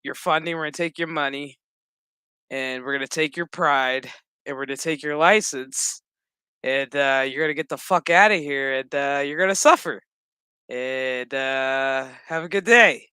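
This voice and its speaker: A man's voice: medium pitch, moderate pace, pushed and bright, clear, resonant tone, no room sound, voice pushed down, lightly acted. A man doing a blunt, scolding lady official. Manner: blunt, swearing, stumbling over fillers. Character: angry female official cutting someone off, middle-aged.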